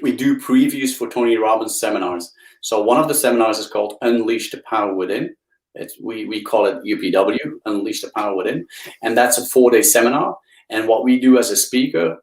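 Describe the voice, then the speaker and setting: His tone is on the dark side as he shares stories during a live video interview, where he appears as a guest from Belgium. He is an animated storyteller who lifts his pitch for emphasis. The video-call sound is poor and echoes around the room.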